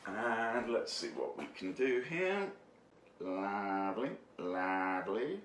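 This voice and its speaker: A man's voice: mid-range voice, huge pitch swings, slow pace, a bit bright, slight background noise. A man giving a rambling, jokey cooking demonstration in his home kitchen, with lots of fillers. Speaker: home baker. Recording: echoey room.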